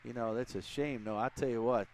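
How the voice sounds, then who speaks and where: A man's voice: medium pitch, fairly even intonation, fairly quick, a little mellow, slight background noise. A man calling a women's college basketball game, chatting easily as play-by-play announcer. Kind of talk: sports commentary.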